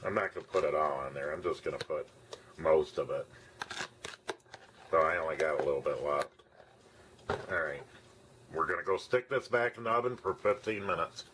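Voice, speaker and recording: A man's voice: rumbling low, moderate pace, long pauses, background noise. An older man chatting casually through a home cooking video, homey and talkative, sometimes talking with his mouth full. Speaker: home cook.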